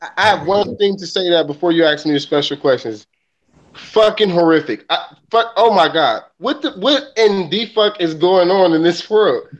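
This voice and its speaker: A young man, a guest on a podcast, chatting crudely and excitably, jumping from shocked outbursts to low mumbled asides. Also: normal speed, highs cut off. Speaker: guest musician. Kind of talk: casual profane interview chat.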